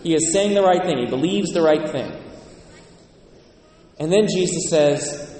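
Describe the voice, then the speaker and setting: Man, priest, earnest conversational sermon, slightly high voice, echoey church, distant mic. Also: normal speed, a little mellow, slight background noise. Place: large church.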